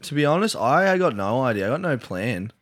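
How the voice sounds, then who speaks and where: A man's voice: medium pitch, very animated, fairly bright tone. A young Australian man in casual podcast chat, tossing in joking slang remarks. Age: young adult. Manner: quick joking interjections, slang. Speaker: podcast co-host.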